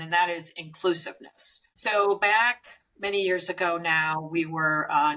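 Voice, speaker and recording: A woman's voice: sits low, sharp tone, low-quality recording. A woman co-hosting a business podcast, telling workplace stories in a chatty way with frequent fillers. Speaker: podcast co-host.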